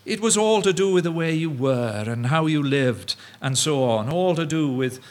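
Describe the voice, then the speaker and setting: Halting male preacher, higher voice. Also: expressive. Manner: halting, many fillers and restarts; mimics opponents in quoted asides. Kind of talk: evening sermon.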